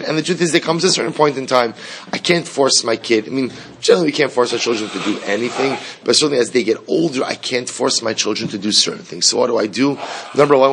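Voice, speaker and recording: A man's voice: mid-range voice, vocal fry, a bit bright, a little hiss or hum. A man teaching a Torah class in an earnest lecture style, repeating key phrases for emphasis and mixing in Hebrew and Yiddish terms.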